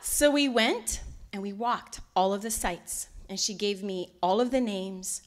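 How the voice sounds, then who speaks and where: A woman from Hawaii, giving a lecture as a heartfelt storyteller who often drops to a hushed near-whisper. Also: mid-range voice, unhurried. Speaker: lecture speaker.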